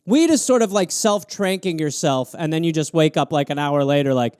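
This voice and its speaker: A male comedian riffs loosely and crudely on viewer prompts, slipping in and out of voices. His voice is high and smooth with big swings in pitch, recorded close and dry. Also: fairly quick, no room sound. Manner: animated, crude, jumps into voices. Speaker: comedian host of a live show. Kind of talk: improvised comedy riffing on prompts.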